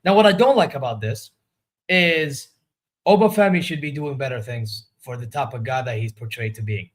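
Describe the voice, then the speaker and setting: A man's voice: mid-range voice, normal speed. A man hosting a wrestling reaction vlog, giving candid, opinionated, rambling commentary. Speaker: wrestling reaction channel host.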